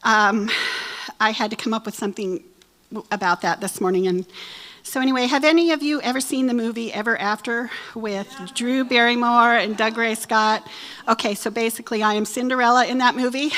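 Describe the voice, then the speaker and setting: A woman's voice: a little high, moderate pace, a bit bright. A woman in her sixties giving a chatty, self-deprecating, joking talk to a church women's group. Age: 60s. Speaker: women's Bible study speaker. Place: church hall.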